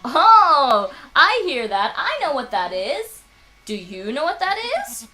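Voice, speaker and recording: High, animated woman teaching kids. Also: takes it slowly, a little hiss or hum. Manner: patient, clear and encouraging, with playful animal sounds. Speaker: children's English teacher. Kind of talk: children's ESL lesson.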